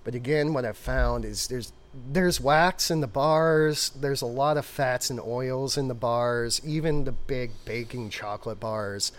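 A man co-hosting a casual brewing podcast, talking in an animated, rambling way full of restarts. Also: mid-range voice, a little slow. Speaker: podcast co-host, brewer. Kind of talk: casual chat.

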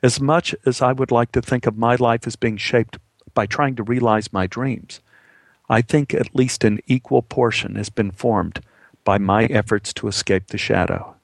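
A man telling a personal story as a monologue, with wry, dry humor and an unhurried manner. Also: mid-range voice, vocal fry, dry recording.

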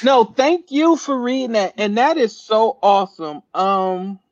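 A man hosting a casual live-stream interview, talking in an excited, slangy way. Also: high-pitched, unhurried, dry recording. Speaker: host. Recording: dull audio with loud noise.

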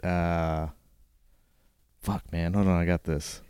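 Deep-voiced, hesitant podcast co-host. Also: male voice, little pitch movement, takes it slowly, darkish tone, clear, resonant tone, no room sound, clean studio sound. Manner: hesitant, reads listener questions, chuckles. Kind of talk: casual sports podcast chat.

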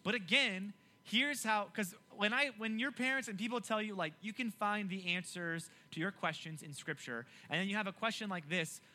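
A young man preaching a youth sermon, animated and emphatic, often repeating himself to keep listeners engaged. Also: high-pitched, normal speed. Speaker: youth pastor.

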